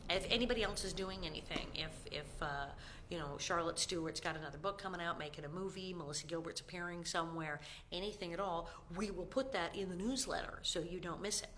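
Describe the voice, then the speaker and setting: A woman's voice: fairly low pitch, fast, slight background noise. A woman in her fifties chatting casually on a live stream, telling stories with acted-out quotes and sudden drops into whispers. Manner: animated storyteller, acts out quotes, drops to whispers. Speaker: actress hosting a live stream.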